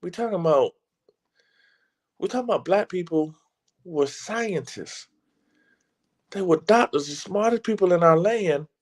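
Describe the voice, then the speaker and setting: A man's voice: sits high, expressive, a little slow, pauses often. Fired-up man preaching with constant restarts. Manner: emphatic, preacher-like, with many restarts and repeated words; casual, slangy delivery. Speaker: motivational speaker. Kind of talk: passionate livestream talk.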